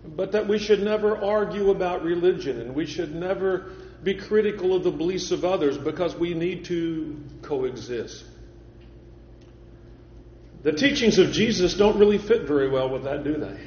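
A male preacher giving a Sunday morning sermon, measured and repeating key phrases for emphasis. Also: on the high side, a little mellow, a little hiss or hum. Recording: echoey hall, dull lo-fi sound.

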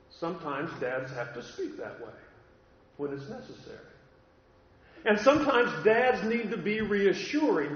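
A man's voice: high-pitched, a little hiss or hum. A man from California preaching a sermon, telling stories and repeating key phrases with emphasis, in a church hall. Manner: earnest storytelling, emphatic repetition. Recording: echoey hall, dull lo-fi.

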